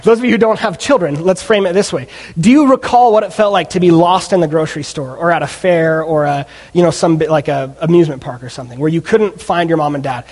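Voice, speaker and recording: A man preaching a sermon as pastor, impassioned and building toward near shouts. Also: on the high side. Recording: loud guitar music behind voice. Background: guitar music.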